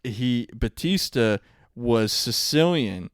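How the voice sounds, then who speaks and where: A man's voice: mid-range voice, expressive, takes it slowly, smooth, dry recording, studio quality. A young man co-hosting a podcast, telling rambling stories in casual chat and laughing often. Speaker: podcast co-host.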